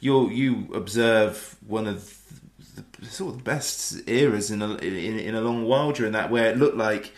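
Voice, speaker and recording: A man's voice: fairly low pitch, moderate pace. A man hosting a fan podcast, interviewing a former player in a chatty, enthusiastic way. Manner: enthusiastic supporter, chatty, laughs easily. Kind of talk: casual interview.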